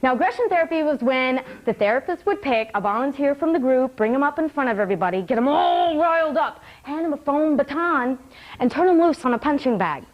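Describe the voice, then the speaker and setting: A woman's voice: sits high, expressive, fairly quick, highs cut off. A woman performing a wry one-woman comedy show on a small theater stage, laughing between lines.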